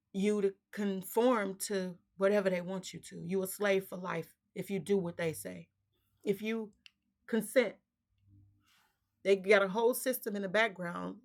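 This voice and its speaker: A woman hosting her own spiritual vlog, talking in a fiery, emphatic way and firing off rhetorical questions in casual slang. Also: fairly low pitch. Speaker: vlog host. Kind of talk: impassioned spiritual vlog monologue.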